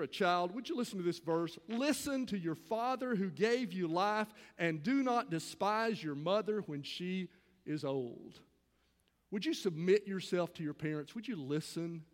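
High-voiced man preaching in an echoing hall. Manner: earnest, asks rhetorical questions, builds to emphatic exhortation. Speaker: pastor. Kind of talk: sermon. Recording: long reverb of a large hall.

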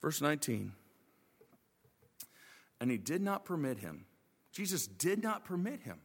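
A man preaching a lively sermon, acting out the disciples' voices with joking asides. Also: medium pitch, normal speed, gravelly, pauses often, slightly rough, big-room sound. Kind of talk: animated sermon.

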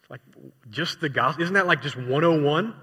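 A man's voice: fairly high pitch, brisk, bright, forceful tone, slightly rough. A man preaching a sermon in a conversational way, often asking his listeners rhetorical questions. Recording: long reverb hall.

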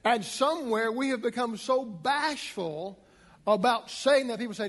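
A pastor with a high, light voice delivers an emphatic sermon, pressing his points with rising force. His words ring out with a long reverb, as in a large hall. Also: expressive, moderate pace, a bit bright. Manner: emphatic, rising to a preaching pitch.

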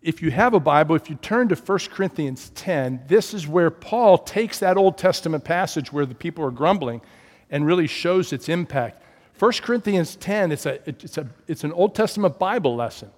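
Guy preaching a sermon, kinda high voice, big echoey church hall, goes loud then drops real quiet. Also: lively intonation, normal speed. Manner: storytelling, swings from loud emphasis to hushed low tones. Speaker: pastor.

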